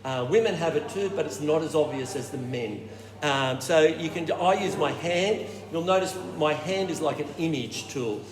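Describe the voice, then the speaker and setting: A man leading a choir warm-up workshop, explaining technique and showing it with hums and falsetto sounds. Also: normal speed, a crowd in the background. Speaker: choir director. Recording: roomy hall with reverb and noise.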